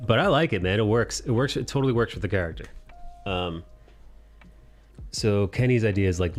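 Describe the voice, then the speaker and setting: Animated man recapping anime, faint music. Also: on the low side. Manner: animated, acts out characters in quick voices, swears freely. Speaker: podcast host. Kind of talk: casual anime discussion.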